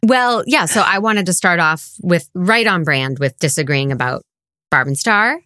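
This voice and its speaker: A woman's voice: fairly low pitch, lively intonation, moderate pace, bright, forceful tone, dry recording, studio quality. A woman co-hosting a podcast in casual chat, teasing and sarcastic toward her partner. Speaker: podcast co-host.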